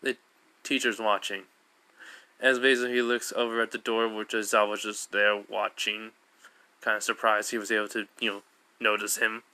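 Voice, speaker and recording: Brief: casual male storyteller, rambling, filler-heavy, bright tone. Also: lowish voice, flat delivery, brisk, clear, resonant tone. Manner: rambling, lots of fillers and self-corrections. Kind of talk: casual fan story retelling.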